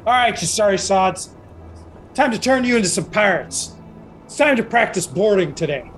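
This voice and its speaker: A woman's voice: mid-range voice, expressive, normal speed, slight background noise, lightly acted. A man voicing a hulking, bossy female orc master gunner who barks orders with contempt. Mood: scornful.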